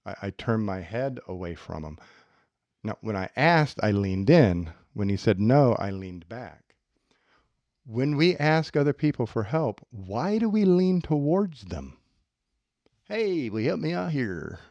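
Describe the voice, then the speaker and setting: Man, self-help podcast co-host, lively up-and-down pitch, acts out scenes, dry close sound. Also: measured pace, dry recording, highs cut off. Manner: animated, acts out little scenes. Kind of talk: teaching self-help talk.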